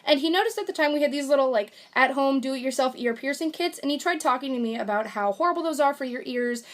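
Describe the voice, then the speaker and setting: A woman's voice: high-pitched, fast talker. A woman, a former retail worker, telling a story in a casual, annoyed way with lots of fillers. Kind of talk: personal story to camera.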